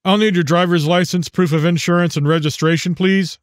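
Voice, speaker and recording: A man's voice: high-pitched, fairly even intonation, a little fast, no echo, natural voice. Audiobook figure: man playing a clipped, formal cop, dry recording. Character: polite, stern male highway patrolman.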